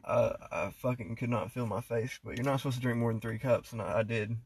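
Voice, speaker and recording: Man, podcast co-host, casual chat, swears a lot, loud when storytelling. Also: medium pitch, brisk, gravelly, breathy edge. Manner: loud swearing storyteller, puts on voices for jokes.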